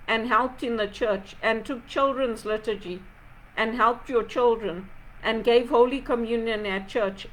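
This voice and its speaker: A woman from Zimbabwe with a fairly high voice speaks in an impassioned, aggrieved reflection. She keeps pressing rhetorical questions one after another, her tone pointed and insistent. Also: a bit bright, rough recording. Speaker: video blogger.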